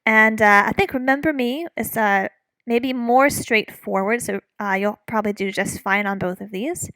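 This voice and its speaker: A woman's voice: fairly high pitch, normal speed, a bit bright, dry recording, rough recording. A woman teaching a recorded music lecture, explaining patiently with frequent fillers. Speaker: music instructor.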